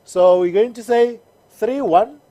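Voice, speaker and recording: Slow, patient accounting teacher. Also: mid-range voice, mellow. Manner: patient, repeats steps and checks in with "all right?". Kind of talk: screen-recorded lesson.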